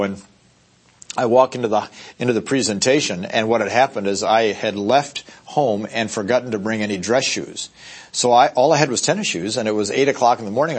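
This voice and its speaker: Husky-voiced man giving a punchy seminar. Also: fairly low pitch. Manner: emphatic, punchy, checks in with the audience; acts out short quoted voices. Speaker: real estate sales trainer. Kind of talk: seminar talk.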